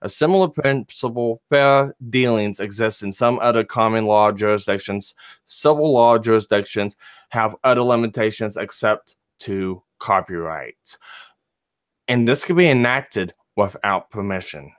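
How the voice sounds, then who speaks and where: A man reading a legal disclaimer aloud in a plain, steady recitation. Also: lowish voice, unhurried, clean tone, no room sound, studio quality.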